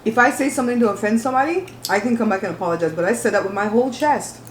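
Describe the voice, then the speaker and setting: A woman from Belize hosts a casual chat while eating at the table at home, speaking emphatically and outspokenly. Her voice is fairly high and racing, with slight background noise and a roomy echo in the spacious room.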